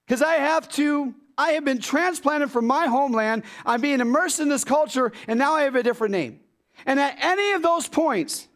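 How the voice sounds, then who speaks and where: Standing in the sanctuary, a very high-voiced male pastor gives an animated sermon. He keeps putting rhetorical questions to the congregation.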